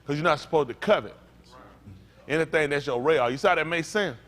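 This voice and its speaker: A man's voice: fairly high pitch, fast, fairly bright tone. A man preaching as a pastor in a blunt, profane, rambling informal sermon.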